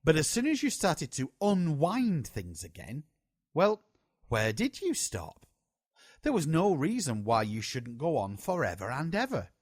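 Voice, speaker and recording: A man reading a memoir aloud as an audiobook, in a slow, lively storytelling way. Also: fairly high pitch, slightly rough, dry recording, studio quality. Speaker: audiobook reader.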